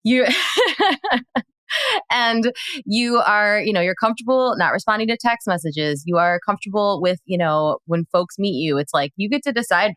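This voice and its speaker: A woman hosting a podcast, chatty and quick to laugh. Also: medium pitch, lively intonation, a bit bright, no echo. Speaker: podcast host. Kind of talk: casual podcast chat.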